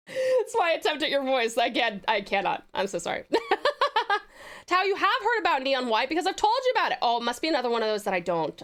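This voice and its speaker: A woman's voice: high voice, fairly bright tone. A young Australian woman streaming live, chatting with viewers in a bubbly, giggly way while she snacks. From Tasmania, Australia. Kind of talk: casual live stream chat.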